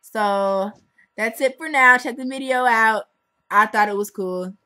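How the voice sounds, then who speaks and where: A woman's voice: fairly high pitch, unhurried, dry recording, poor audio. Young woman vlogger ranting about a music video, sarcastic, dry close sound. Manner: chatty, sarcastic and animated. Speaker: video reviewer. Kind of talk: casual video review.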